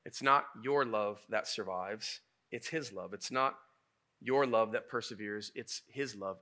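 A man preaching a sermon as a pastor, telling stories in a lively, casual way. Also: lowish voice. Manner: animated, casual storytelling preacher.

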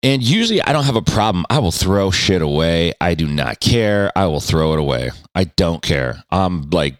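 Deep-voiced, animated, profane man. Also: normal speed, hardly any pauses, no room sound, studio quality. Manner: profane, animated, self-mocking. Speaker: podcast host. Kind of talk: casual podcast storytelling.

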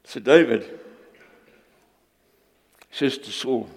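A man preaching a sermon in a church, animated and jokey as he tells stories and talks with the congregation. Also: mid-range voice, drawn-out words, slightly rough. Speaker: pastor. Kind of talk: sermon with storytelling. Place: church hall. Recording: long reverb of a church hall.

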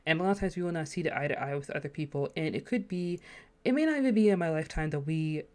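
Low-voiced woman chatting on her podcast. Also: lively intonation, darkish tone. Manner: chatty and slangy, with quick laughs and rhetorical asides. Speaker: podcast host. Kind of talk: casual solo podcast monologue.

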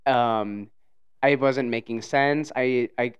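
A podcast host in easygoing chat, telling rambling, animated stories. The voice is clear and smooth and sits at a middling pitch. Now and then the host slips into silly put-on voices. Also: normal speed. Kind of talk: casual chat.

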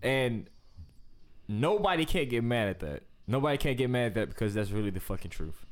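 A man rambles through opinionated, profane takes on a casual podcast. His voice sits at a middle pitch but moves around a lot. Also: big pitch swings, a little fast. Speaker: podcast co-host.

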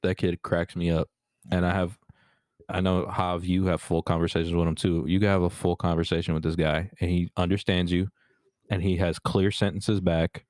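A man's voice: deep voice, flat delivery, moderate pace, a little mellow, dry recording, clean studio sound. A young man co-hosting a casual podcast, easygoing and affirming, often repeating his phrases. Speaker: podcast co-host. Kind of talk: casual chat.

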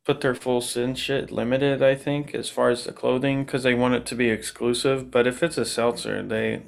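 Gravelly easygoing podcast guy. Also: medium pitch, flat delivery, moderate pace. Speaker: podcast co-host. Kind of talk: casual chat.

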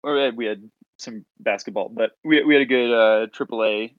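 A man's voice: medium pitch, fairly quick, no echo. A man from the Sacramento area in casual podcast chat, offering hedged opinions on a dull lo-fi mic. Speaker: podcast panelist.

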